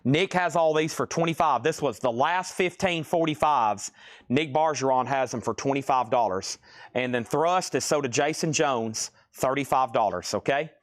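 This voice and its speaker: A man hosting a live-stream record auction, calling out items and prices briskly and often checking in with "okay?". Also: mid-range voice.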